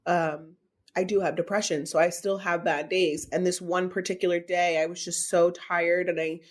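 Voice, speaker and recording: A woman in her thirties co-hosting a podcast, talking openly and haltingly about her feelings and close to tears. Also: fairly low pitch, flat delivery. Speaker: podcast co-host. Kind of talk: candid emotional podcast chat.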